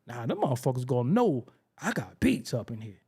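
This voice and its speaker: Medium in pitch but swinging widely, this man's voice is dark and breathy, and he talks a little fast. He hosts a hip-hop talk show, giving a casual commentary monologue full of slang, cursing, repeats and emphatic asides.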